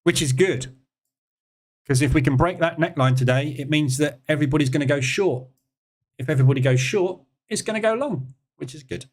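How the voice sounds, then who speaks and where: A man's voice: fairly high pitch, a little fast. English man running a live trading room. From England. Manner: chatty, answering chat questions while reading charts.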